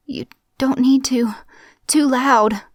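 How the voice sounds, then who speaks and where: A frail, confused old mother with a raspy, slurred voice, pitched high and thin, as a woman narrator puts her on. She talks in broken fragments and bursts into shrill panicked cries. The recording is dry and close. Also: slow pace, no room sound. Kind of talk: horror story narration.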